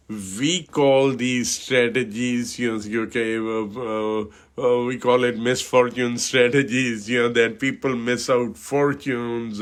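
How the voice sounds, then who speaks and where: A man from India, a financial advisor hosting a video, explaining a chart slowly with many fillers and pauses. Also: mid-range voice. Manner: slow, halting, many fillers.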